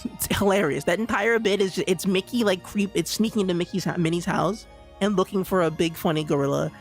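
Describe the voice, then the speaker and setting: A live streamer in casual chat, rambling and excitable, with lots of stammered restarts. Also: mid-range voice, a little fast, faint music behind.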